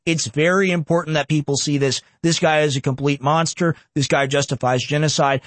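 A man's voice: a little high, fairly even intonation, a bit bright, dry recording. Sarcastic man ranting in dry close sound. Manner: indignant, sarcastic, talks fast in bursts. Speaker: online commentary host. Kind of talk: ranting reaction commentary.

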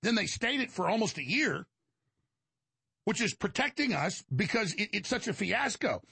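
A man's voice: high-pitched, sing-song, moderate pace, creaky, pushed and bright, slightly rough, dry recording. A male show host in an agitated, emphatic monologue, rambling and restarting his sentences. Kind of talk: heated monologue.

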